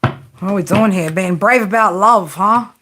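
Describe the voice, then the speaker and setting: A woman's voice: mid-range voice, normal speed, background noise. A woman giving a casual live tarot reading, chatting and joking with viewers and swearing freely. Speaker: tarot reader.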